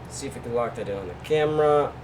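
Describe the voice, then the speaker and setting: A man's voice: mid-range voice, rapid-fire, distant mic, poor audio. A chatty man runs through his betting picks in a loose, joking way, tossing off asides to his viewers. His voice sits a little back from the mic in a room at home. A faint air-conditioner hum runs underneath. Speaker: sports betting host. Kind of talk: casual betting picks vlog.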